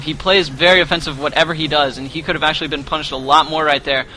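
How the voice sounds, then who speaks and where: A man's voice: on the high side, fairly even intonation, fast talker, pushed and bright, a little hiss or hum. A man doing live play-by-play commentary on a competitive video game, talking loosely with lots of "you know" fillers.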